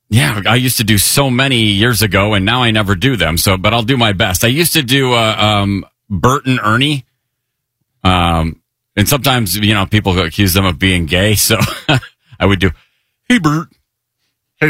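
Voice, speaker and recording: A man's voice: fairly low pitch, moderate pace, sharp tone, no room sound. A man in a casual chat who speaks hesitantly, with fillers, before trying an impression. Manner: hesitant, laid-back. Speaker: podcast co-host.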